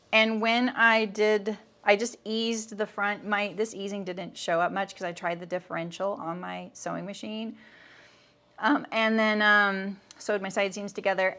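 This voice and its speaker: A middle-aged woman hosts a live sewing lesson, talking casually as she sews. She breaks off to answer viewers' comments and keeps a relaxed, friendly, rambling flow. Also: medium pitch. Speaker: sewing instructor.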